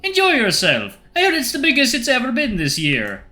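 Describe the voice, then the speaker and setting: A man voicing a calm, middle-aged male fox taxi driver with a stereotypical Italian accent. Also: very high voice, fairly quick, faint music behind, voice pushed up, exaggerated voice. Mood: friendly. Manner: stereotypical put-on Italian lilt.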